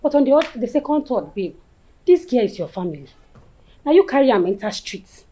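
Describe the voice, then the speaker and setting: A soothing Nigerian friend. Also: female voice, fairly high pitch, sing-song, fairly quick, warm tone, a little hiss or hum, poor audio. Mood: pleading. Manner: soothing, pleading, mixes Pidgin. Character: calming loyal female friend, pleading. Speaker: actress. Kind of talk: film acting.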